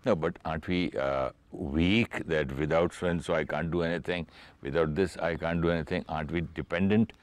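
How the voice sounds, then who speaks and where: A man hosting a talk show interview, speaking in a very low, deep voice. He questions his guest and thinks aloud with small hesitations. The sound is dry and close, with no room echo. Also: steady tone, moderate pace. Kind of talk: conversational interview.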